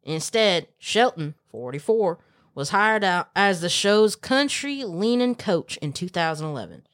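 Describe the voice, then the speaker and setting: A woman hosting a casual podcast, animated and profane, dropping Spanish words. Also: on the low side, measured pace. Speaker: podcast host. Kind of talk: casual chat.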